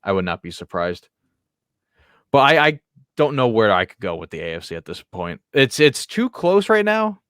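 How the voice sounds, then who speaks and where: A man's voice: mid-range voice, wildly swooping pitch, normal speed, fairly bright tone, smooth, no room sound, clean studio sound. A man co-hosting a sports podcast, talking in a laid-back way and teasing his co-host with questions. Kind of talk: casual sports chat.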